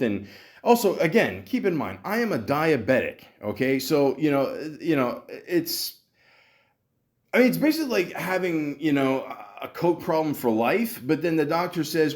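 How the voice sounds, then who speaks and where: Animated, profane male storyteller. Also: on the high side, moderate pace. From Canada. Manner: animated, profane, stammering restarts, acts out dialogue. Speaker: podcast host. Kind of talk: casual storytelling rant.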